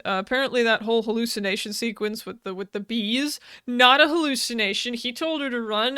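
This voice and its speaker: A woman's voice: on the high side, sharp tone, clear, resonant tone, dry recording, studio quality. A woman co-hosting a podcast, casually recapping a book's plot, swearing freely and laughing often between sentences. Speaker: podcast co-host. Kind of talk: casual book recap chat.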